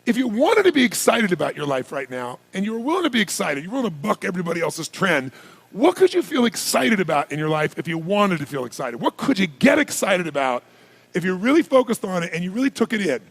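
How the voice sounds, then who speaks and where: In a low-quality recording of a live seminar, a male motivational speaker commands his audience with a high, raspy, gravelly voice that leaps around in a sing-song way. He hurls rhetorical questions one after another, climbing from quiet intensity to shouted hype.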